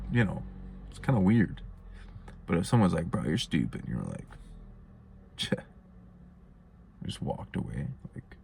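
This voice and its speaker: A man's voice: low-pitched, creaky, darkish tone, a little hiss or hum. A young man hosting his own show, musing in a laid-back, rambling way. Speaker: host. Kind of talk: casual monologue.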